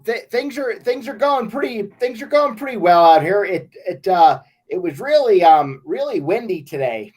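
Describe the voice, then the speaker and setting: A man from the Las Vegas area hosting a casual sports show, his voice pitched high for a man. He talks in a halting way, stammering over restarts and filling pauses with "you know.". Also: animated, a little mellow, husky.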